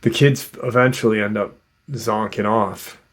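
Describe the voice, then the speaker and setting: A man's voice: fairly low pitch, fairly even intonation, unhurried. A man casually retelling someone's encounter as a story, rambling with lots of fillers and restarts. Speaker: host retelling a witness's encounter.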